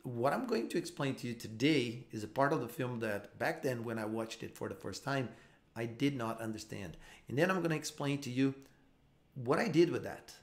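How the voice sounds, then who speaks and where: A man's voice: mid-range voice, lively intonation, normal speed. A man giving a live online English lesson, explaining patiently with frequent repeats and restarts. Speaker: English teacher.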